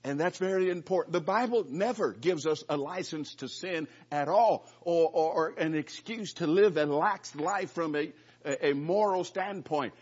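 Earnest man preaching with husky tone. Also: on the high side, normal speed, a little mellow. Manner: earnest, emphatic, with frequent repeated words. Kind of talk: Bible-study sermon. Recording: muffled lo-fi recording.

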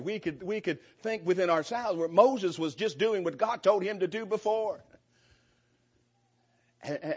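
A man delivers an earnest sermon and reads scripture aloud with firm emphasis. His voice sits a little high for a man. The recording is muffled and lo-fi. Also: darkish tone, slightly rough. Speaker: preacher. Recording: dull lo-fi church recording.

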